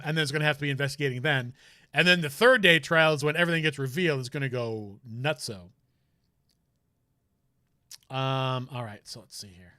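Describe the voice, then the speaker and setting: Man, game streamer, bright tense voice, dry close sound, rambling jokey chat. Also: a little high, no room sound. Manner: chatty, rambling, jokey asides. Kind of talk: casual let's-play commentary.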